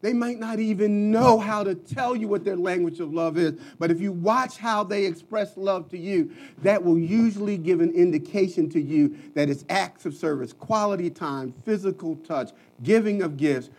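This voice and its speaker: A male pastor preaching a sermon with passion, repeating phrases and rising to sudden loud peaks. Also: high voice, normal speed, hardly any pauses.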